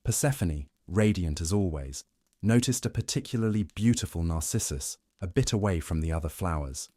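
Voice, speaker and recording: Deep, wry man narrating a sleep story. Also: moderate pace, no room sound, studio quality. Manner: wry, deadpan humor, speaking to the god as "you".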